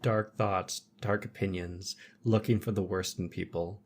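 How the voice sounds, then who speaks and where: A man in casual conversation, speaking reflectively in measured, philosophical statements. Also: deep voice, fairly even intonation. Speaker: podcast guest.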